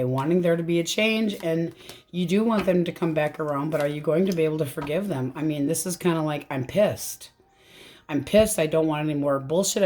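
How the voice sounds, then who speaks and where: A woman's voice: on the low side, a little mellow. A woman giving a casual tarot reading, chatty and blunt, swearing freely as she talks. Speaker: tarot reader.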